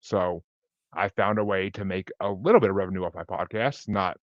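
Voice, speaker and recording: A man's voice: sits low, a little fast, no room sound, muffled recording. A man talking as a podcast guest in a laid-back, chatty, rambling way over a video call. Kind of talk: casual interview chat.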